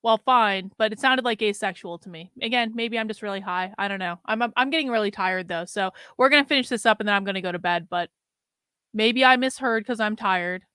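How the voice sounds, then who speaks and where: A woman hosting a casual reaction show, chatting in quick, gossipy asides. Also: mid-range voice, pushed and bright, smooth, no echo, clean studio sound. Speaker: host reacting to clips.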